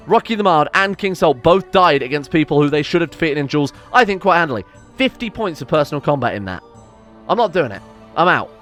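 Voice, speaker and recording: Male game streamer, somewhat high voice, exasperated swearing rants, faint music underneath. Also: fairly bright tone. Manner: swears a lot, exasperated ranting. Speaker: gaming channel host. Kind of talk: casual gameplay commentary.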